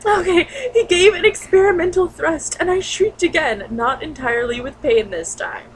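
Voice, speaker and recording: A woman's voice: very high voice, normal speed, a little hiss or hum, rough recording. A woman reading bad fan fiction aloud for laughs, often breaking into giggles and exasperated asides. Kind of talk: comedic dramatic reading with commentary.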